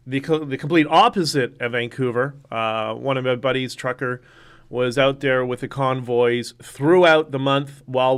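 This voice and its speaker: A man's voice: medium pitch, fairly even intonation, normal speed, a bit bright, smooth. A man hosting a casual solo livestream, rambling through topics and viewer comments with many fillers and restarts. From Canada. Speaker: livestream host.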